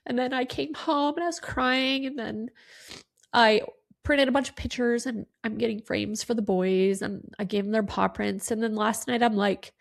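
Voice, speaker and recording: Tearful woman with a gravelly voice. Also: fairly high pitch, moderate pace. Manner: candid, swears freely, lots of "like". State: tearful, sniffling. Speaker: podcast host. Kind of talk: casual solo podcast talk.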